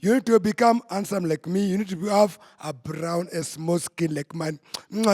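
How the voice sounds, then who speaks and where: A man's voice: high-pitched, normal speed, a little mellow, no echo. A man doing a boastful, sing-song stand-up bit. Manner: boastful, sing-song, making kissing sounds. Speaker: stand-up comedian. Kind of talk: stand-up comedy set.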